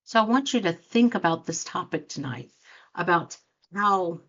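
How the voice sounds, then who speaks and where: Speaking at a moderate pace, this woman has a lowish, fairly bright voice and an animated delivery. She's a life coach hosting a show, earnestly motivating her listeners and performing the reactions she quotes, all captured in dull lo-fi sound.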